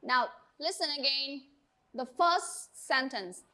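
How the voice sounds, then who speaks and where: A woman teaching an English class, speaking in a clear, encouraging and instructive way. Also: high voice, expressive, slow pace, pushed and bright.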